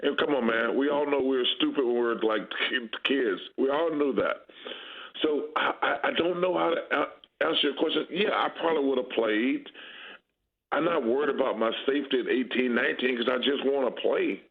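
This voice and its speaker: A man's voice: mid-range voice, normal speed. Blunt man in his fifties, phone line. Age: 50s. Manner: blunt, candid, emphatic. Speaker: guest basketball analyst. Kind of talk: casual sports talk. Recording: tinny phone-line audio.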